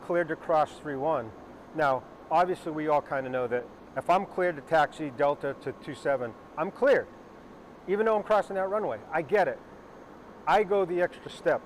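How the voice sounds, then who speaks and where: A man's voice: fairly high pitch, slight background noise. A man hosting a live stream as a pilot, talking casually and rambling with asides to his viewers. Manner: conversational, rambling with fillers and asides. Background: helicopter starting up nearby.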